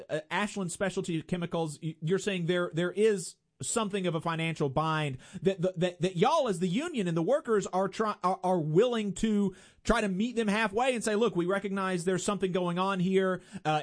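A man interviewing a guest, asking rambling, hesitant questions full of fillers. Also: sits high. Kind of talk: conversational interview.

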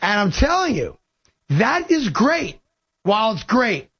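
A man's voice: high voice, huge pitch swings, measured pace, fairly bright tone, husky, highs cut off. A man giving sports radio commentary in a played clip, lecturing and emphatic.

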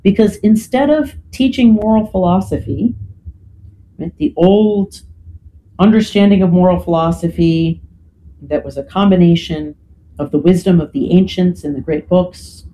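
A guest explaining history in a lecturing, conversational way, often checking in with "right?" and filling pauses with "you know". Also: medium pitch, mellow, a little hiss or hum, poor audio.

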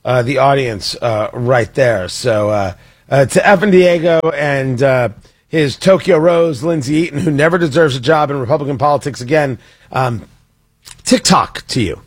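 A man's voice: mid-range voice, animated, moderate pace, husky, dry recording. A man hosting a political talk radio show, speaking in a sarcastic, mocking monologue with frequent restarts.

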